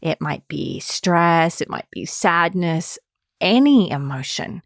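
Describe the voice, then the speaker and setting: A woman therapist talks through her podcast episode in a relaxed, conversational way. She keeps checking in with the listener as she explains. Her voice sits a little low and sounds close and dry, with no room around it. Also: slow, creaky, no room sound. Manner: conversational, often checking in with "right?". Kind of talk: podcast talk.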